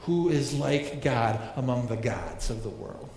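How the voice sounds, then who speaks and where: A man's voice: medium pitch, lively intonation, a little slow, darkish tone, a little hiss or hum. A male pastor preaching a sermon, emphatic, repeating phrases and asking rhetorical questions. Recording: echoey hall reverb, faint ambience.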